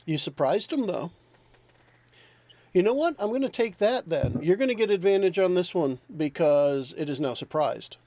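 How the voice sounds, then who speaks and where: A man running a tabletop game as game master, relaxed and laughing, thinking aloud as he checks the rules. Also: high-pitched, normal speed, dry recording.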